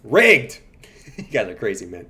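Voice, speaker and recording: A man hosting a casual livestream who banters playfully with his chat, then talks through chart analysis, with sudden loud chanting bursts. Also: on the low side, wildly swooping pitch, unhurried. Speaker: livestream host.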